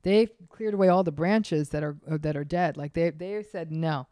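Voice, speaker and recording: A woman's voice: fairly low pitch, moderate pace, dark tone, smooth, no echo, clean studio sound. A woman psychologist, a guest on a podcast interview, who speaks emphatically and acts out the people she quotes.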